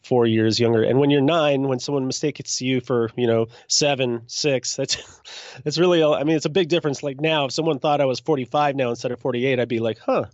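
A man in his forties from Minnesota, a juggler telling his story as a guest in a relaxed, self-deprecating way. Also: medium pitch, a little fast, no room sound, muffled recording. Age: 40s. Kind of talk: casual interview.

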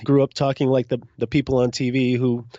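A man's voice: mid-range voice, little pitch movement, brisk, dark tone, no room sound, dull audio. Self-deprecating man in his forties. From Minnesota. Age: 40s. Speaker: guest, juggler. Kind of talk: casual interview.

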